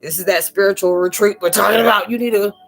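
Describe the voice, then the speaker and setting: A spiritual tarot reader hosts a live chat on a livestream, giving a casual reading in fast, loose, rambling runs. Her pitch stays in a middle range, she often slips into quoted voices, and soft music plays faintly underneath.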